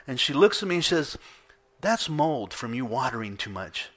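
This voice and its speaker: Middle-aged man, pastor, sermon delivery, lively storytelling, bright tone. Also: medium pitch, normal speed. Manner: animated storytelling, acting out his own reactions with laughs. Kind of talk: sermon with personal stories. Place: church.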